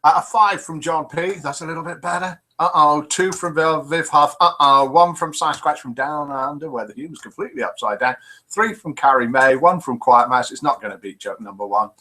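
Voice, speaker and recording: A man's voice: on the high side, moderate pace, pushed and bright. An older man hosting a live web show, chatting casually and reading viewers' comments aloud with self-mocking humour.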